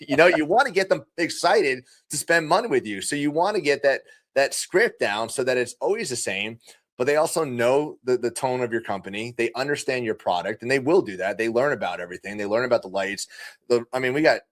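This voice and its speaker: A man who is a guest on a podcast, chatting about running his business with a lively, animated delivery and easy laughs. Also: medium pitch. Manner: animated, fast-talking, laughs easily. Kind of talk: casual conversational interview.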